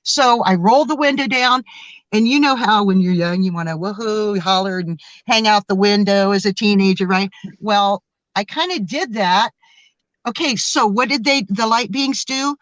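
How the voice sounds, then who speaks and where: A woman guest telling a story in a casual interview, animated and excitable, often restarting and stammering. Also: mid-range voice, normal speed, dry recording, highs cut off.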